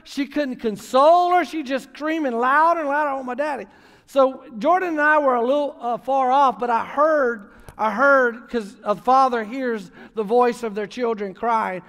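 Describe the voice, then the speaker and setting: A man preaching a sermon as pastor, telling a story and rising to emphatic, near-shouted points. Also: very high-pitched, normal speed, hardly any pauses. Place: church sanctuary. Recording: long reverb of a large church hall.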